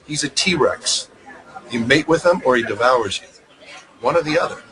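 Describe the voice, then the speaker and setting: A man's voice: medium pitch, animated, normal speed, a crowd in the background, rough recording. A man answering questions at a press interview, speaking in emphatic, punchy soundbites, heard as a clip played on air.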